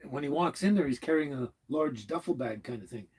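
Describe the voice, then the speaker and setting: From inside his motorhome, a man hosts a casual live stream, rambling, chuckling and warmly chatting as he reads and answers his chat. His voice is a little high, expressive, brisk and slightly rough, on a low-quality recording.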